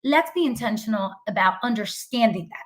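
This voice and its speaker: A woman's voice: fairly high pitch, lively intonation, brisk. A middle-aged woman co-hosting a casual parenting talk, speaking with frequent affirmations and fillers. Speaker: co-host of a parenting meetup. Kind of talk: casual instructive chat.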